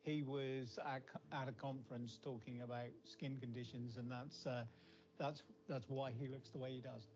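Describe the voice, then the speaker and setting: A man who founded a robotics company, giving a tour with halting, repeated words. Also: medium pitch, level tone, a little mellow. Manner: hesitant, repeats words, chuckles. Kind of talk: guided tour interview. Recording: dull lo-fi broadcast audio.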